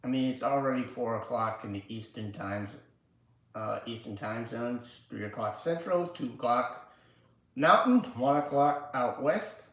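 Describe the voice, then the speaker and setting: A man's voice: mid-range voice, measured pace, a bit bright. A man hosting a casual livestream, rambling and swearing with lots of filler words. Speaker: livestream host. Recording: very echoey room.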